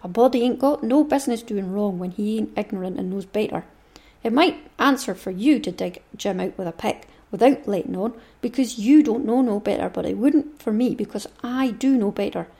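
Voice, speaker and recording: A woman's voice: medium pitch, normal speed, mellow, lightly acted. A woman reading the lines of a stubborn, principled boy from a classic novel in her own voice, with an earnest, lecturing manner.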